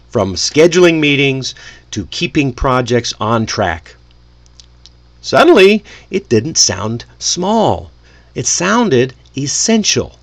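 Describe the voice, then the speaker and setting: A man teaching an English lesson in a friendly coaching manner, with lively jumps in pitch. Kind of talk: relaxed spoken English lesson.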